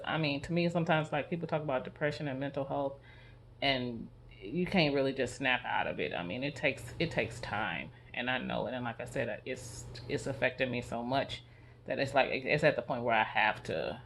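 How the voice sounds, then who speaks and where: A man speaking in a personal, reflective vlog, earnest and confessional, often halting and restarting his sentences. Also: medium pitch, vocal fry, a bit bright. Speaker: vlogger.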